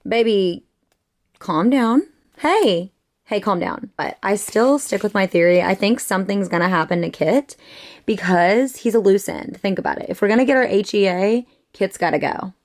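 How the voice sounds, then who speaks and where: A woman's voice: medium pitch, moderate pace. A young woman in her twenties chatting casually in a reading vlog, reacting dramatically and gushing about a book. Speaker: book vlogger.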